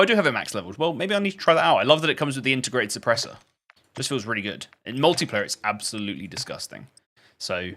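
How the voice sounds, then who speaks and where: A man with a medium-pitched, bright and forceful voice live-streams a shooter game. He chats loosely and rambles to his viewers, restarting his sentences often, in typical gaming stream commentary.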